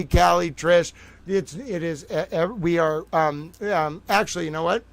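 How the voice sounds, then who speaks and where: A man hosts a live stream in a high, gravelly voice, sliding into fry as he talks. He is theatrical and excitable, piling up exclamations and repeating himself. The sound is dry and close. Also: no room sound. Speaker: livestream host.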